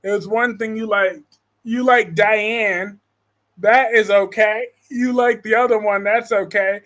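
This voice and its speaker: A man hosting a casual live-stream chat about soap operas, excitable and quick to fire up, reading viewer comments aloud. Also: high voice. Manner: excitable, swings from calm to loud anger. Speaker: soap opera talk show host.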